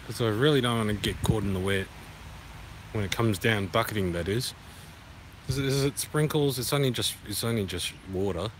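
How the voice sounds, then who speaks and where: Here the Australian vlogger speaks at a moderate pace in a fairly low voice, talking casually to his phone as he walks by the park's duck pond. He rambles, makes puns, and sings along loosely, while passing cars fill the noisy outdoor phone recording.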